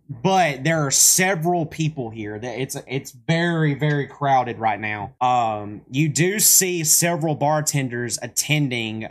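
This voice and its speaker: A man narrating a tabletop game as its game master, speaking loosely and casually over a voice call with a computer mic. He swears freely and fills his descriptions with "uh" and "like", restarting phrases as he goes. His voice sits at a middling pitch. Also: fairly bright tone.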